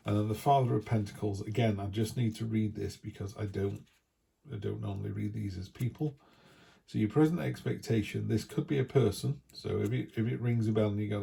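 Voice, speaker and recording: Gravelly, husky man reading tarot. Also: on the low side, steady tone, fairly quick, mellow. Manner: chatty, reassuring, down-to-earth. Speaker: tarot reader.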